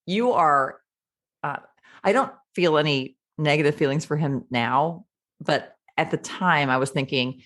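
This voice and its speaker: A woman's voice: low-pitched, unhurried, a bit bright. A middle-aged woman, a podcast guest, telling her own story candidly and acting out her past self in quotes.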